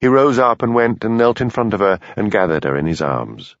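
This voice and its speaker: A man narrating a mystery audiobook in a measured, even storytelling manner. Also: lowish voice, no echo, lo-fi sound. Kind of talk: scripted narration.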